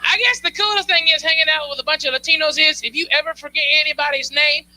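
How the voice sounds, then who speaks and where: Bright high-voiced male stand-up comic. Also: fairly even intonation, fast talker, rough recording. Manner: loose, slangy, crowd-teasing. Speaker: stand-up comedian. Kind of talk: stand-up comedy set. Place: comedy club stage.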